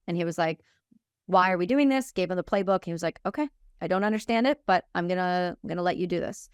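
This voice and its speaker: A woman in her thirties from Canada, a military veteran telling her story frankly and with emotion in an interview, quoting others in quick dialogue. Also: lowish voice, smooth, no echo, studio quality. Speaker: podcast guest, military veteran.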